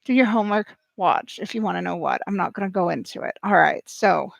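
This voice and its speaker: A woman vlogger giving live reaction commentary, excitable and gushing, talking straight to her viewers. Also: on the low side, fairly quick, gravelly, no echo, poor audio.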